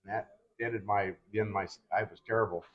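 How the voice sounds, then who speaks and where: An older man, a retired baseball pitcher, telling his career stories in casual chat and acting out the lines of the people in them. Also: quick pace. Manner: animated, acts out other people's lines in quotes. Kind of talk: casual storytelling. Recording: dull lo-fi sound.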